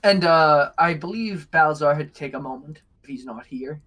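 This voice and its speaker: A man's voice: on the high side, moderate pace, pushed and bright. A man narrating as game master, rambling and restarting as he describes scenes. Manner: rambling, lots of fillers and restarts.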